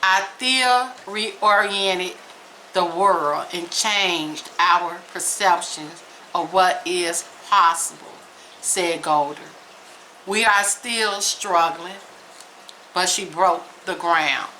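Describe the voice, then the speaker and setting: Woman, slow deliberate reading, bright tone, light background hiss. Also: on the low side, poor audio. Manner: slow, emphatic reading with exclamations. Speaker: vlog host reading aloud. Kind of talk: casual reading and reacting.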